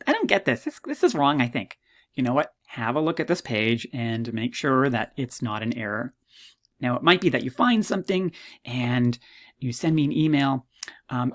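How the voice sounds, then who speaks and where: A man teaches a university psychology course in a recorded walkthrough. He talks fast and casually, with self-mocking jokes. His pitch jumps when something amuses him. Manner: chatty, self-mocking, jokey asides; quick, animated delivery with sudden pitch jumps.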